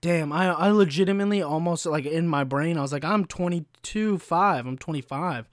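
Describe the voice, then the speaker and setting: A man's voice: fairly high pitch, fairly even intonation, a little fast, dry recording, studio quality. A young man in his twenties, telling a rambling, profane story on his podcast, with plenty of likes and ums. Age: 20s. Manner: rambling, profane, full of fillers. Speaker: podcast host. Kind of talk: casual storytelling monologue.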